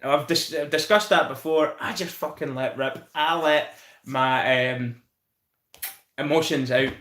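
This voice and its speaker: Scottish man, rambling live-stream host, high-ish voice, echoey room. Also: a little slow. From Scotland. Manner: excitable, rambling, swears freely. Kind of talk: casual live-stream chat.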